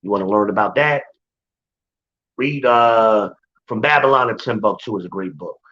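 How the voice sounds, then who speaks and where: A man with a low voice teaches scripture informally and emphatically. He drives his points home by repeating phrases and addressing listeners directly. The recording sounds dull and lo-fi. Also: moderate pace, pushed and bright. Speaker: Bible teacher.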